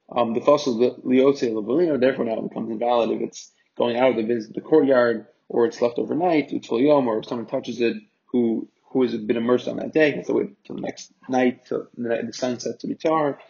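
A man's voice: medium pitch, gravelly, a little mellow. A man teaching a religious text, reading short Hebrew phrases and translating each into English, often repeating words as he searches for the translation. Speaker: Torah teacher. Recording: dull lo-fi recording.

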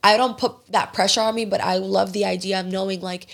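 A woman's voice: medium pitch, brisk, gravelly. A young adult woman hosting a podcast, speaking casually and animatedly, acting out the people in her stories and swearing freely. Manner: animated storytelling, acts out quoted people. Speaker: podcast host.

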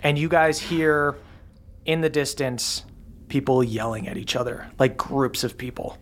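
Brief: game master describing a dungeon, easygoing, average pitch, casual pauses. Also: a little hiss or hum. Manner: descriptive, relaxed narration with fillers. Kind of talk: narrating a tabletop game.

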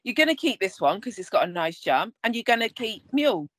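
A woman's voice: medium pitch, big pitch swings, fairly quick, fairly bright tone, slightly rough, no echo. A woman co-hosting a casual podcast on a call, laughing often and teasing her friend. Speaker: podcast co-host. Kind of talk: casual chat. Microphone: remote call.

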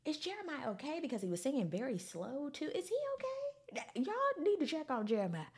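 Woman, husky voice, sassy and dramatic, with big swings in pitch. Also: a little fast. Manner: animated and sassy, dramatic pitch swings, mock-incredulous asides. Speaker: commentator recapping a music event. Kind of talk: casual recap monologue.

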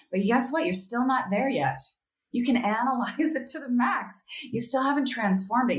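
A woman talking as a podcast guest, candid and reflective, often quoting her own inner voice. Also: medium pitch. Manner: candid, reflective, animated, with quoted self-talk. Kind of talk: casual interview conversation. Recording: roomy echo.

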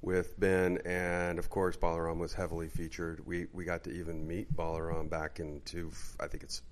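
A man's voice: sits low, completely flat delivery, moderate pace. A man co-hosting a podcast, chatting in a dry, joking way. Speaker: podcast co-host. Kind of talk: casual podcast chat.

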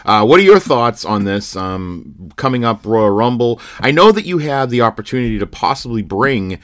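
Male podcast host, mid pitch, halting and playful. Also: very animated, fairly bright tone. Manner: hesitant, filler-heavy, playful. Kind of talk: playful scripted bit with interviews.

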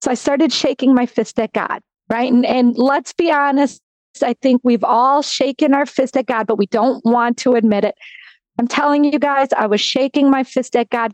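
A middle-aged woman from Wisconsin shares her faith testimony as a podcast guest, emphatic and animated as she plays out her past words. Her voice sits a little high. The recording is close and dry with no room sound. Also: normal speed, no room sound, rough recording. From Wisconsin, USA.

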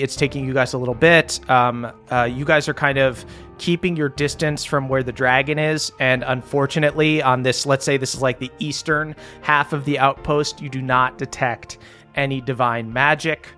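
A man guides the players as game master, describing the scene in a relaxed, halting way full of ums and uhs. He speaks at an ordinary pitch, and faint music sits behind his voice. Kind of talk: narrating a tabletop game.

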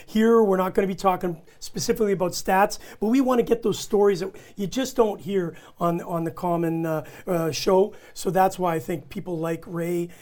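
A man's voice: high-pitched, steady tone, moderate pace, hardly any pauses, darkish tone. A man hosting a casual talk show, easygoing and chatty. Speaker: host. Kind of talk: casual chat.

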